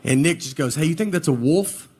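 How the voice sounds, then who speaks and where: A man performing a stand-up comedy set, telling stories in a slow deadpan way with hesitant pauses. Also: fairly high pitch. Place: live comedy venue with audience. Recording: live show with audience laughter and background noise.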